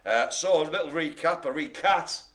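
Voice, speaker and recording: A playful man runs a live-streamed bingo game like a showman. His slightly high voice has a bright, sharp edge. His pitch swings widely as he jokes with the people around him. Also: animated, normal speed. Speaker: bingo caller and host.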